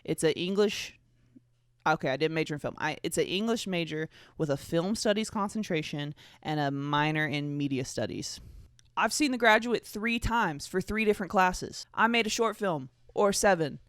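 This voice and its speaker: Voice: mid-range voice, animated, moderate pace, fairly bright tone, smooth, dry recording, studio quality. Joking, rambling twenty-five-year-old podcaster. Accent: Southern US. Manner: rambling, jokey and profane, with self-mocking asides. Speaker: podcast host. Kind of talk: casual solo podcast chat.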